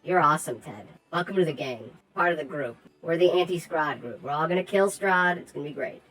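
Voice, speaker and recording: A woman's voice: low voice, animated, fairly quick, a crowd in the background, poor audio. A woman playing in a tabletop game, brash and crude, scheming in casual chat. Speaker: player.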